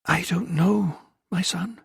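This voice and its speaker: Brief: male narrator doing a distraught wife, pleading and desperate, raised high and husky, audiobook. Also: lively intonation, takes it slowly, darkish tone, dry recording, clean studio sound, heavily acted. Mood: desperate, tearful. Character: distraught British woman, wife of a Japanese colonel. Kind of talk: audiobook character voice.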